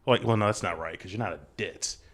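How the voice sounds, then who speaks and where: A man with a fairly low voice hosts a casual interview. He jokes, rambles, and leans on fillers as he talks. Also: fast talker. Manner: joking, rambling, frequent fillers. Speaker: host.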